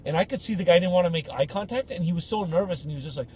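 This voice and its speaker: A man co-hosting a podcast, telling comic stories in an animated way and acting out other people's voices. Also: sits high, racing, dull audio, a little hiss or hum. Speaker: podcast co-host. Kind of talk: casual comedic storytelling.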